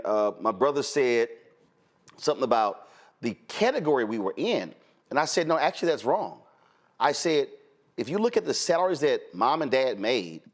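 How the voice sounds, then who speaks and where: A middle-aged man from Houston hosting a talk show, arguing his point in an emphatic, opinionated way. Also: medium pitch. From Houston, Texas. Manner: emphatic, argumentative, animated.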